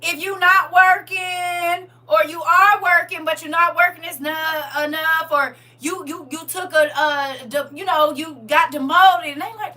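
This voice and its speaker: A woman hosting a casual live stream, teasing viewers by name and swinging between loud exclamations and hushed asides. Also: very high voice, fairly even intonation, measured pace, hardly any pauses, far from the mic. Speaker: livestream host.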